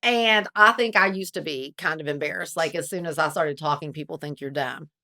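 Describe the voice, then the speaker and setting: A woman's voice: sits low, a little fast, sharp tone, dry recording, clean studio sound. A middle-aged woman from Kentucky with a strong Southern accent, co-hosting a casual podcast, gushing and trailing off mid-sentence. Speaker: co-host.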